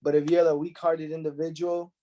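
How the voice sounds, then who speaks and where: A middle-aged man hosting a podcast, telling stories in an animated, profane way and acting out the quotes. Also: fairly high pitch, a little fast, highs cut off. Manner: animated, profane storyteller who acts out quotes. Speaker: podcast host. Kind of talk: casual podcast chat.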